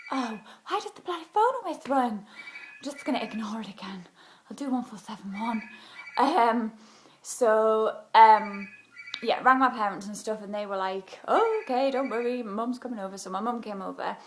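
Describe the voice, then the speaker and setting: A young British woman telling a story in a casual home vlog, chatty and animated, acting out what she said. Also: medium pitch. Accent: British English. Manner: chatty, animated, acts out her own past words. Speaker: vlogger. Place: home, indoors.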